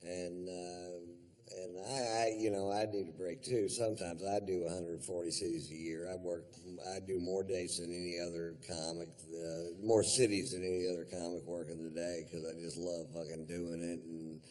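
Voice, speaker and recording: A male stand-up comic with a somewhat low, slightly mellow voice tells a long story in a laid-back, rambling way, packed with profanity and filler words. His tone stays level and his speed normal.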